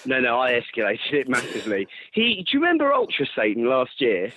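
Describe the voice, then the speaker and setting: A man telling a running story in casual chat, animated, swearing and laughing as he goes. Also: mid-range voice, brisk, no echo. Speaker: ultrarunner guest. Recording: tinny phone-line sound, dry.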